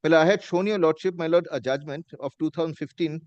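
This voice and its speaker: A man's voice: fairly high pitch, quick pace, no echo, lo-fi sound. A man with an Indian English accent, an advocate making a formal courtroom argument and saying "my lord" again and again. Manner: formal, repeats "my lord" constantly. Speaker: advocate arguing before a judge.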